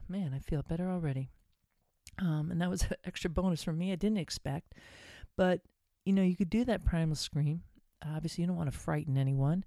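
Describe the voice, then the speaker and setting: A woman's voice: fairly low pitch, normal speed, dark tone, no echo, clean studio sound. A middle-aged woman hosting a podcast, chatting casually while guiding relaxation and breathing exercises. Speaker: podcast host. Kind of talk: casual wellness talk.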